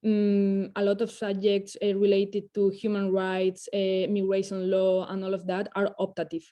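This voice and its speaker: A woman takes part in an online panel over a video call. Her voice is mellow and flat in pitch. She speaks English haltingly, pausing to search for words. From Spain. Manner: searching for words, many fillers. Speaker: law clinic participant. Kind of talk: panel discussion.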